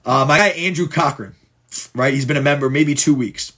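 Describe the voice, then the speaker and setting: In a casual film review for clients, a football coach talks bluntly and profanely, frequently restarting and doubling up words for emphasis. He speaks at a normal speed with a medium-pitched, bright, forceful voice.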